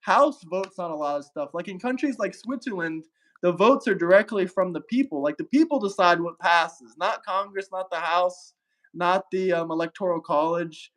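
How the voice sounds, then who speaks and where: A man's voice: high-pitched, moderate pace, a bit bright. A young man hosting a livestream, chatting casually about politics, rambling with many fillers. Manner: rambling, filler-heavy, searches for words. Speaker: travel streamer host.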